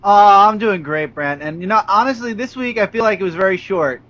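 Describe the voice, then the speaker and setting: A young man from Brooklyn talks wrestling in a high, bright-edged voice, full of blunt opinions and teasing jabs. He rambles from point to point over a dull, lo-fi recording. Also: a little fast. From Brooklyn, New York. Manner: opinionated, playful insults, rambling. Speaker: podcast co-host. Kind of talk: casual wrestling chat.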